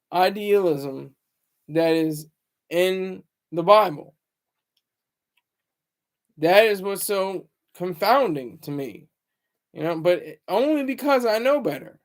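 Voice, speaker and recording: A man hosting his own channel, talking in a loose, rambling monologue full of fillers and restarts. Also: high-pitched. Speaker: channel host.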